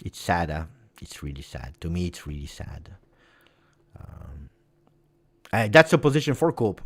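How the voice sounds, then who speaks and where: Guy doing a live footy watch-along, lowish voice, gets worked up begging his team. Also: very animated, measured pace, slightly rough. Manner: emotional, pleading with players, Italian interjections. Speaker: fan channel host.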